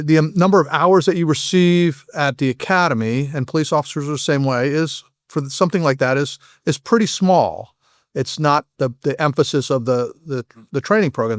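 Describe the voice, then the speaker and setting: A middle-aged man, a former SWAT operator and FBI agent, talking fast in a podcast interview and explaining with many restarts. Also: mid-range voice, no room sound, clean studio sound.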